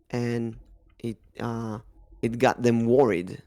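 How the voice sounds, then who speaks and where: A young man with an Israeli-accented English, hosting a relaxed podcast conversation. His pitch sits in an ordinary middle range, and he speaks thoughtfully, pausing often with ums and restarts. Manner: thoughtful, hesitant, many ums. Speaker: podcast host. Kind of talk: casual podcast chat.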